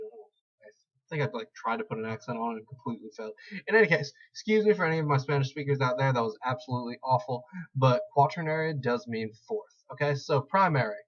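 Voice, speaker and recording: Chatty young man tutoring, lo-fi mic. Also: medium pitch. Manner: rambling, self-deprecating, chatty. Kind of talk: casual screen-recorded tutorial. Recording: slightly dull lo-fi mic.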